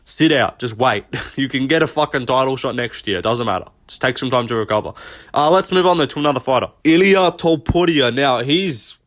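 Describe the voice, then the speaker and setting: A young man giving casual commentary on a tier list, rambling, thinking out loud and swearing often. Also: mid-range voice, fairly quick. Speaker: host, MMA commentator.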